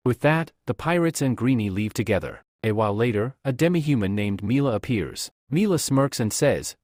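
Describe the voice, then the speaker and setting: A man reading the narration of a comic recap at a brisk, even pace. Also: medium pitch, dry recording, clean studio sound.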